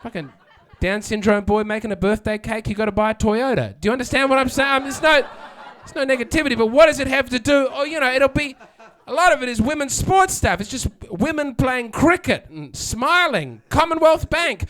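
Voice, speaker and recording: A man's voice: very high voice, fairly quick, hardly any pauses, fairly bright tone. A man doing a sardonic stand-up set, chatting with the crowd and acting out quotes. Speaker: stand-up comedian. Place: comedy venue with live audience.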